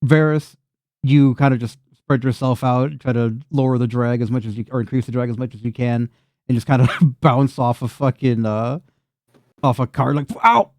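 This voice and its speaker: A man's voice: mid-range voice, fairly even intonation, normal speed, a little mellow, dry recording, clean studio sound. A man narrating as game master of a tabletop game, laughing often and swearing freely as he plays out the scene.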